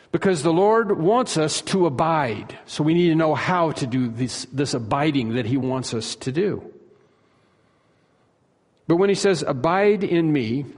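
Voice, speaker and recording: Emphatic preacher in a reverberant hall. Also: male voice, fairly high pitch, slightly rough. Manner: emphatic, repeats key phrases and slows on them. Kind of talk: sermon.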